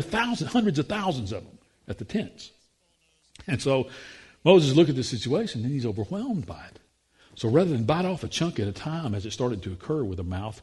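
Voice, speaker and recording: Man, preacher, sermon, husky, animated quoted voices. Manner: acts out voices in quotes, rising excited pitch.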